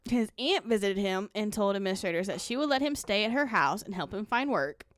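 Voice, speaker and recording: A woman's voice: medium pitch, expressive, a little fast. A young woman co-hosting a casual true-crime podcast, reading from notes and breaking off for blunt, profane asides. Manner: reads notes then adds blunt, profane asides with laughs. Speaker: podcast co-host.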